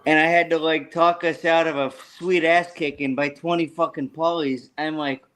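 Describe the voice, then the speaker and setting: An American man hosting a casual chat, telling stories in a crude, animated way. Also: fairly high pitch, moderate pace. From United States. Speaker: host.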